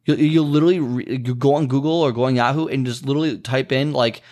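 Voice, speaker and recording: A man's voice: medium pitch, steady tone, fast, darkish tone. A man who works as a fitness and nutrition trainer, talking casually on his own podcast and rambling with lots of fillers and repeats.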